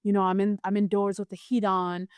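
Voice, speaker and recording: A young woman co-hosting a podcast, chatting casually and telling stories in an animated way, jumping up high when she quotes herself. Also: a little fast, clear, resonant tone, no room sound. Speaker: podcast co-host. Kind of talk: casual chat.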